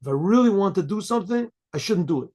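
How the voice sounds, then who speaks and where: An older man, a rabbi, telling a story to listeners, often clearing his throat and acting out the voices of the people in it. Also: high voice, animated, fast talker, mellow. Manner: frequent throat clearing, acts out quoted voices. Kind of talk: storytelling talk.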